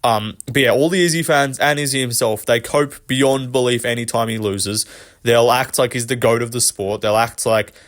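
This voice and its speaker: A man's voice: mid-range voice, fairly even intonation, moderate pace, fairly bright tone. A young man hosting a commentary vlog, ranting with frequent swearing and exasperation. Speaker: MMA commentary channel host.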